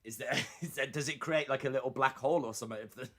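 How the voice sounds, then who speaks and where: A man's voice: mid-range voice, fast, a bit bright, slight background noise. A man with a British accent co-hosting a live stream, chatting casually in a playful, teasing way. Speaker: podcast co-host.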